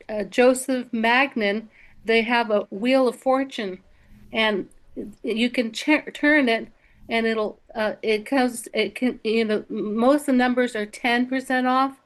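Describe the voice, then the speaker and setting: An older woman reverend giving spiritual readings and telling a story in a chatty, reassuring way, often restarting her words. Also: a little high.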